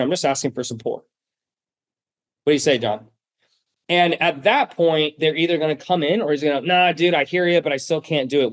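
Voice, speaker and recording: A man coaching on sales in a blunt, emphatic way, acting out bits of customer dialogue as he teaches. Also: a little high. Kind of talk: sales training talk.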